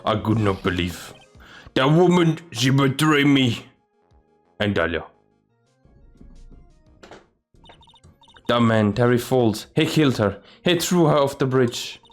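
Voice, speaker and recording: A man voicing a desperate, grieving convict who speaks in halting, broken English. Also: mid-range voice, expressive, faint music behind, natural voice.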